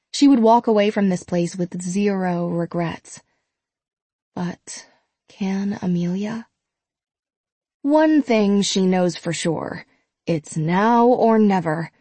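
Woman reading an audiobook, steady and measured, super dry close mic. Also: lowish voice, no echo. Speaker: audiobook narrator. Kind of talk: scripted audiobook narration.

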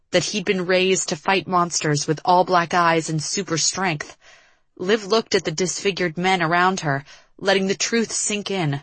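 Measured woman reading a dark story. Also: fairly low pitch, dry recording, low-quality recording. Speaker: audiobook narrator. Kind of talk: scripted narration.

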